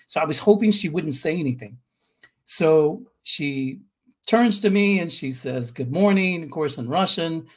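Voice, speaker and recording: American male guest, a bit husky, mid-high voice, animated storyteller. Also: measured pace. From United States. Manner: animated, tells stories with restarts. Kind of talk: casual storytelling.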